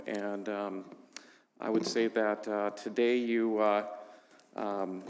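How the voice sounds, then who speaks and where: A middle-aged man and father giving an unscripted speech to his daughter, halting with fillers and leaning on sports analogies. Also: medium pitch, a little mellow. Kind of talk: off-the-cuff speech. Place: synagogue sanctuary. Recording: reverberant sanctuary with faint noise.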